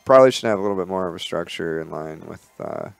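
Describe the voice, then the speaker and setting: Low, gravelly man chatting casually. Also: fast talker. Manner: relaxed, rambling, many fillers and restarts. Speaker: podcast co-host. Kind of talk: casual podcast chat.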